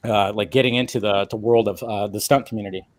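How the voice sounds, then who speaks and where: A man's voice: fairly low pitch, steady tone, fast talker, dry recording. Rambling male host, dry close sound. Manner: rambling, full of "I mean" and "like". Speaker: stream host. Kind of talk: casual interview chat.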